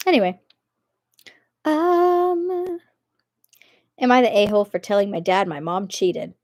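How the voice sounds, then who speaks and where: A chatty woman reads online posts aloud on a live stream, giggling and stopping to add her own remarks. Her voice sits at an ordinary middle pitch. The sound is dry and close, with no room around it. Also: fast talker, darkish tone, dry recording. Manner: chatty, giggly, breaks off to comment. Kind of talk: casual live-stream reading.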